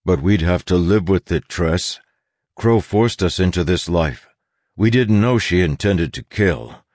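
A man voicing a steady grown man who talks with firm insistence. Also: deep voice, a little slow, no room sound, studio quality. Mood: resolute.

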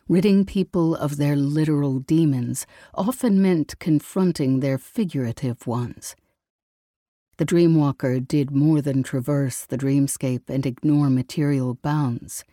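A woman giving a slow, even scripted narration of a story. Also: low voice, no room sound, clean studio sound. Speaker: audiobook narrator.

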